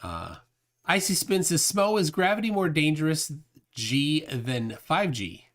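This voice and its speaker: A man hosts a casual livestream, reading out chat comments one after another. His pitch swings widely, rising and dipping as he rambles. He trails off and restarts often, with plenty of fillers between thoughts. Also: very animated, measured pace, fairly bright tone.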